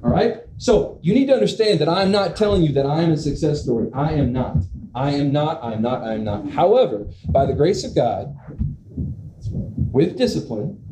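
Brief: man in his forties, pastor, joking self-mocking sermon, slightly high voice, echoey hall with background noise. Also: moderate pace. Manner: animated and self-mocking, with comic asides. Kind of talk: humorous sermon. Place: church sanctuary.

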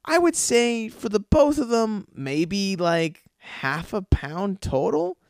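A man's voice: high voice, big pitch swings, slow, no room sound, clean studio sound, pitched above the performer's own voice, full character voice. A man putting on the voice of a fussy, indecisive mom ordering at a meat counter, rambling and unsure. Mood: dithering. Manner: vague, rambling, uncertain.

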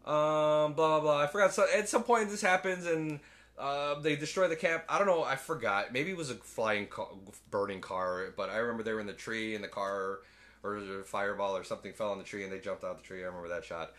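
A man's voice: fairly low pitch, a little fast, fairly bright tone. A man in casual podcast chat, rambling through a movie plot, swearing often and acting out lines. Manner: rambling, swears a lot, acts out quotes.

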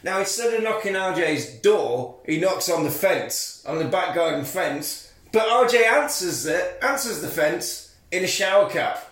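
Guy recapping a film, really animated, high voice, echoey room. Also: a little slow. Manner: animated, shouts impressions of characters. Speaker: podcast co-host. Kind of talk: casual chat, recapping a film.

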